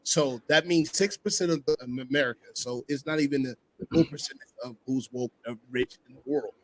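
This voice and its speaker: A man's voice: medium pitch, a little fast, a bit bright. A man co-hosting a podcast in casual chat, thinking aloud and working through numbers with many restarts.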